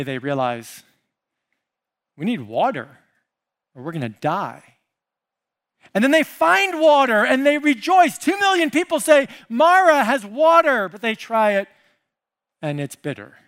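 A middle-aged man, a pastor delivering a sermon, emphatic and playful, with big swings of pitch and loudness. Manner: playful asides and mimicry.

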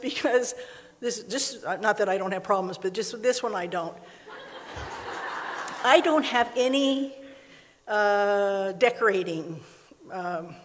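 A woman's voice: a little high, a bit bright, slight background noise. A middle-aged woman giving a conversational sermon to a women's gathering, telling stories with frequent laughs and acted-out dialogue. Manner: chatty storytelling, laughs often, acts out dialogue. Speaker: speaker at a women's church gathering. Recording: long reverb of a hall.

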